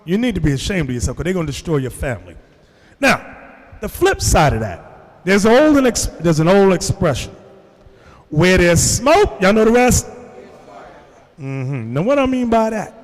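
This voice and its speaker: A man's voice: sits high, big pitch swings, moderate pace, pauses often, big-room sound. A man preaching to a congregation, telling stories and addressing the room directly. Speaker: religious teacher. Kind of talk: sermon to a congregation.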